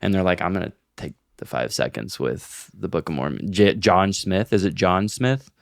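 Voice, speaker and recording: A man's voice: sits low, moderate pace, creaky, no echo, clean studio sound. A young man co-hosting a podcast, sick with a sore throat, chatting casually and joking with laughs. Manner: joking, swearing, trails into laughs. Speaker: podcast co-host. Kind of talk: casual chat.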